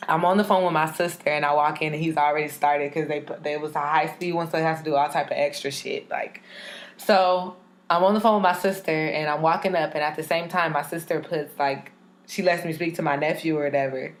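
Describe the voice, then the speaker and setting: A woman's voice: low voice, fairly even intonation, brisk. A woman in her twenties co-hosting a podcast, chatting casually and telling stories with lots of swearing and laughter. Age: 20s. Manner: profane, laughing storyteller. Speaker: podcast co-host. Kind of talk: casual chat.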